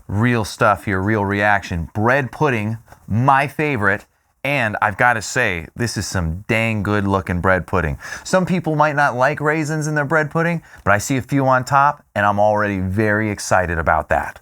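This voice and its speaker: A man's voice: medium pitch, fairly bright tone, a little hiss or hum. A man hosting a casual food review vlog, talking in a playful, self-mocking way with exaggerated reactions to each dish.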